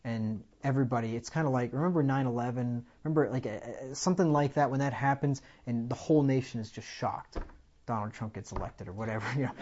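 A man's voice: mid-range voice, quick pace, highs cut off. A man preaching a sermon in a conversational way, paraphrasing scripture in everyday speech and raising his voice for dramatic lines. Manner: conversational, loud swells when quoting scripture. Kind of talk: expository sermon.

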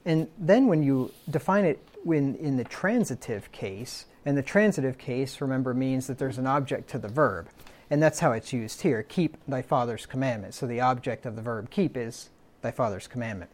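Man preaching a deliberate Bible study. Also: medium pitch, a little mellow. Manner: deliberate, lists synonyms, asks "right?". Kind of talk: verse-by-verse sermon.

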